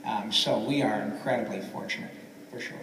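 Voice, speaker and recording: Bright-voiced wry man on a panel. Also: fairly low pitch, slight background noise. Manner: wry, drops in quick jokes. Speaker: voice actor panelist. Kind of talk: casual panel chat. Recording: echoey hall, miked from far off.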